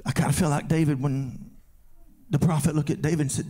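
A male pastor preaching a revival sermon in a church, rising into shouted, sing-song climaxes and firing questions at the congregation. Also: on the high side, steady tone, moderate pace. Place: church sanctuary during a live service.

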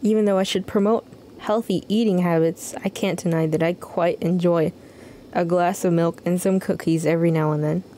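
A woman's voice: fairly low pitch, fairly even intonation, normal speed, dark tone, a little hiss or hum, close to an everyday voice. A woman voicing a quirky, theatrical male traveling doctor with a sing-song lilt for a video game. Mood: playful.

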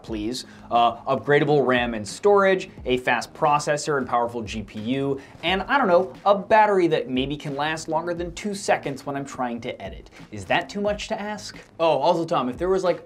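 A man's voice: fairly high pitch, slight background noise. A man, a guest creator, talking casually to camera with wry joking asides.

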